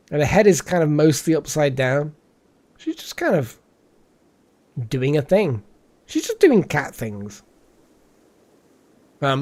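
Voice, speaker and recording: A man's voice: on the high side, darkish tone. A tired man chatting casually and rambling while commenting on a game he is playing. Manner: rambling, chatty, repeats words. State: tired, yawning. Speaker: streamer.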